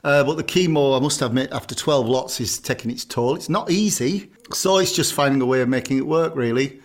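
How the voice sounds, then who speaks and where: A man with a medium-pitched, brisk voice co-hosts a podcast and works as a chef. In casual chat he's blunt and jokey, swearing casually.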